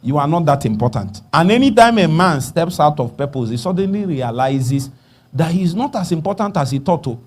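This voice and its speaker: A man with a Nigerian accent preaching a sermon, dropping to hushed murmurs and rising to loud calls, asking the congregation to finish his sentences. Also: on the high side, expressive, a little fast. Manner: call-and-response questions to the congregation.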